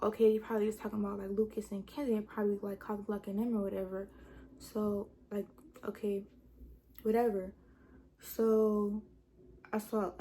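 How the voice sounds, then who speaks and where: Slangy woman telling a storytime. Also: mid-range voice. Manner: slangy, animated storytelling with many fillers. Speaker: vlogger. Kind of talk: casual storytime.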